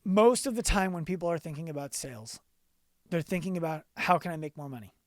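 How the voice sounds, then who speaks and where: A man being interviewed on a podcast as a business coach, telling stories earnestly and going quiet for the emotional parts. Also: on the high side, expressive, quick pace, no room sound, clean studio sound.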